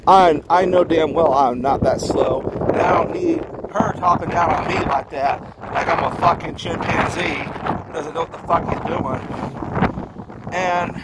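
A man's voice: fairly high pitch, unhurried, very noisy. A man venting indignantly, ranting with heavy swearing and repeated rhetorical questions. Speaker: vlogger. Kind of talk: angry venting monologue.

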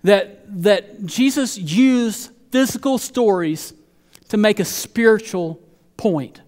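A man's voice: high-pitched, slow pace, a little mellow. Earnest preaching man in echoing church. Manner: earnest, repeats words while building a point. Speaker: pastor. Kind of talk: sermon. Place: church sanctuary.

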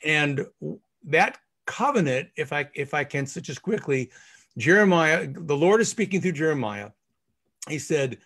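A man's voice: fairly high pitch, fairly bright tone. A man speaking as a rabbi, explaining scripture in an emphatic teaching manner. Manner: emphatic, stresses key words in quoted scripture. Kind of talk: Bible teaching discussion.

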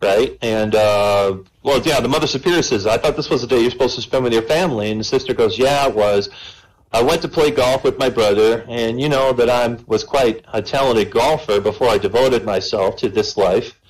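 A man's voice: medium pitch, brisk, low-quality recording. A man telling a long joke at an online comedy night, adding "right?" after his lines. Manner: animated storyteller, keeps adding "right?". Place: online voice chat comedy show.

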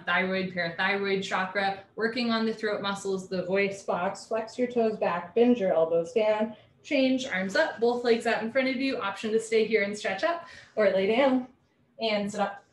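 A woman leading a live yoga class from home, calling out poses briskly and dropping in chatty asides. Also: medium pitch, roomy sound, slight background noise. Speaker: yoga teacher.

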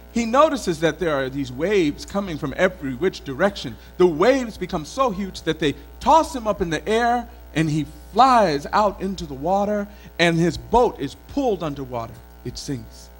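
A male storyteller from Mali telling a folk tale in an expressive, dramatic way at a live event. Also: high-pitched, moderate pace, few pauses, husky, soft background music, rough recording. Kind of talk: oral storytelling performance. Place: country club event.

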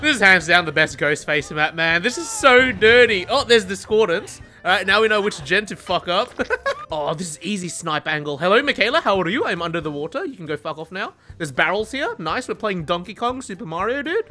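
A video creator giving excitable gameplay commentary, swearing a lot and laughing often. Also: mid-range voice, fairly quick, soft background music.

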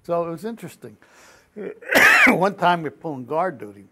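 An older man shares his memories in an oral history interview, spinning lively anecdotes full of quoted dialogue. His voice sits on the high side and moves at a moderate pace, with noise in the background.

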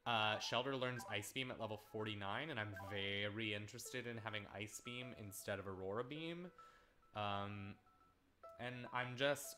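A man's voice: medium pitch, pushed and bright. A man casually commenting on a video game as he plays, sarcastic, often repeating words in exasperation. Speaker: let's play host.

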